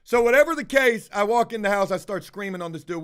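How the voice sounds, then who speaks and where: A man's voice: high-pitched, quick pace, hardly any pauses. A man telling a heated, profanity-heavy story in a casual monologue with lots of emphasis.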